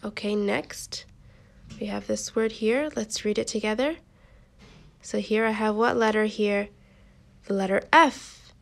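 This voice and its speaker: A woman teaching a kindergarten phonics lesson, sounding out letters slowly and praising the children often. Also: mid-range voice, fairly even intonation, vocal fry.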